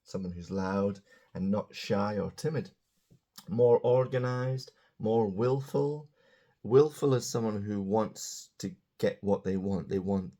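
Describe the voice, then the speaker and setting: Man, English teacher, casual grammar lesson, chatty with joking asides, low gravelly mellow voice. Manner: chatty, joking asides, slow drawn-out example words. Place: indoors beside a small whiteboard.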